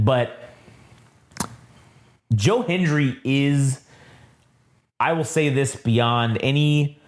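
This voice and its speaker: A man co-hosting a casual wrestling review, ranting emphatically and swearing a lot. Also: mid-range voice. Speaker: podcast co-host.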